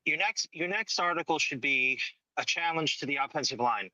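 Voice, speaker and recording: A man's voice: fairly high pitch, expressive, moderate pace, sharp tone, no room sound. A man calling in to a talk show from a tent in a mine, making his point emphatically and checking "okay?". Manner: emphatic, keeps asking "okay?". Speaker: caller. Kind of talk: phone-in opinion. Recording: dull lo-fi call audio.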